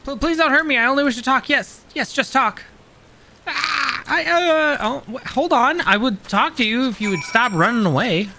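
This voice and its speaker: A man's voice: extremely high pitch, lively intonation, normal speed, gravelly, pushed and bright, soft background music, full character voice. A man voicing a timid little male kobold creature who stammers and pleads. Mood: frightened pleading.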